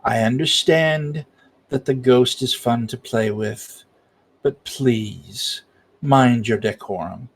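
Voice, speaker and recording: Give me a man playing a formal, courteous nobleman, slow and husky. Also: medium pitch, exaggerated voice. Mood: gently scolding. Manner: gently reproachful, formal. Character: courteous older nobleman host.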